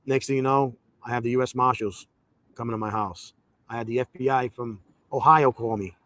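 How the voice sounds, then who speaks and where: A former state representative in an interview, recounting events animatedly and acting out both sides of phone calls. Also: male voice, medium pitch, a little fast. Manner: animated, quotes dialogue with mocking jokes. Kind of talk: interview storytelling.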